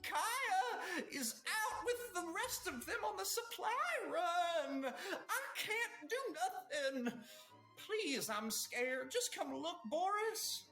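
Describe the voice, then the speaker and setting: A man voicing a frantic, scruffy impish man in his thirties who yells in panic and talks with broken grammar. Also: expressive, slow, soft background music, heavily acted. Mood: scared pleading. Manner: shrill, panicky yelling, ungrammatical.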